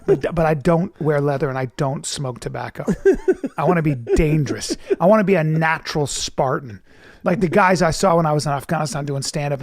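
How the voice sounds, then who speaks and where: Comedian guy in his 50s, high voice, self-mocking and foul-mouthed, dry close sound. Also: no echo. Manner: animated, profane, self-mocking. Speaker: comedian on a podcast. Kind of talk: casual chat and storytelling.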